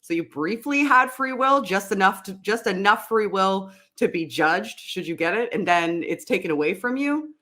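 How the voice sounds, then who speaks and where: A bright, clear-toned woman with an Atlantic Canadian accent co-hosts a call-in show. She talks in a lively, casual way and laughs often, calling the caller "bud". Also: mid-range voice, moderate pace, hardly any pauses. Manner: animated, laughs easily, calls people bud.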